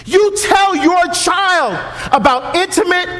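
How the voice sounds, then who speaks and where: A male deacon preaching at a parish mission in an animated, punchy way, shouting now and then for emphasis, recorded in an echoey church hall. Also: extremely high pitch, slow. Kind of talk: sermon.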